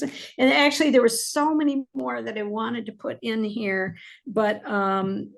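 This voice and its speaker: A woman's voice: on the high side, a little slow, gravelly. A woman author as a podcast guest, chatting casually with many fillers and getting emotional as she talks. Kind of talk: casual interview chat.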